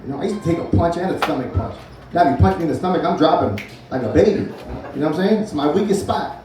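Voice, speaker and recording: A man's voice: fairly high pitch, animated, very fast, background noise. A man in his forties doing a loose, profane stand-up set, chatting with the crowd between bits. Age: 40s. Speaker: stand-up comic. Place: comedy club stage. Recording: echoey club from far off, crowd laughing. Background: audience laughter.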